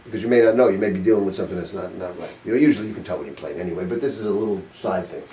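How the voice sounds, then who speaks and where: Racing along in a low, dark voice, an older man teaches a saxophone master class, quizzing students bluntly and cursing casually. The setting is a music studio, captured with roomy distant-mic sound and slight background noise.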